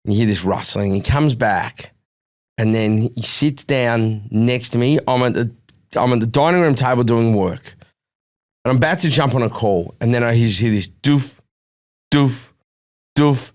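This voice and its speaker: A man's voice: medium pitch, a little slow. A middle-aged Australian man, a podcast co-host, telling a long story in casual chat and acting out the quotes. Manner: animated storytelling, acts out quotes.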